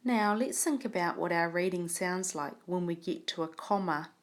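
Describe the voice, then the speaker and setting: A woman teaching a reading lesson, speaking clearly and patiently as she models reading a story aloud. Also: lowish voice, normal speed. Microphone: tablet microphone.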